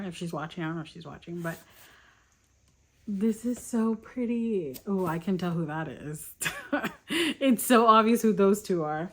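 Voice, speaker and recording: A woman's voice: medium pitch, moderate pace, slight background noise. A young woman chatting casually in a reading vlog, gushing and easily delighted. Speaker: book vlogger.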